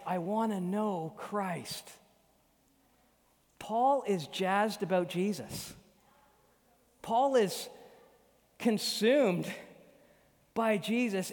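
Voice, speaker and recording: A male pastor preaching a sermon on a Sunday morning, emphatic and rhythmic, building through repeated phrases. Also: high voice. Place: church sanctuary. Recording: long hall reverb.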